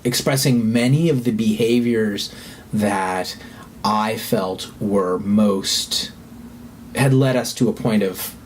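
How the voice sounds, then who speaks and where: A man who is a podcast guest, telling a candid personal story in an earnest, halting way and swearing when heated. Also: fairly low pitch, slight background noise.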